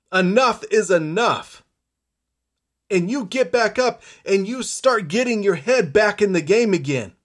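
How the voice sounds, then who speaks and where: A man giving a motivational speech, telling a story in the second person with dramatic repetition. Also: high voice. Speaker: motivational speaker.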